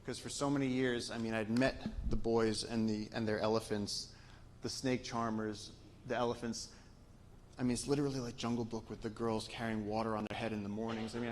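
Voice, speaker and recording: A man's voice: on the low side, gravelly, a little hiss or hum, low-quality recording. A man giving a storytelling talk to a live audience, sharing conversational anecdotes with frequent restarts. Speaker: guest speaker and author.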